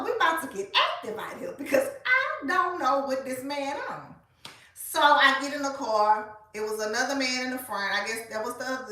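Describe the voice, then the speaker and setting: A woman, telling a story in a casual, animated way and speaking straight to her listeners. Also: on the high side, recorded from a distance. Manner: animated, colloquial, addresses listeners as y'all. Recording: echoey room, voice off-mic.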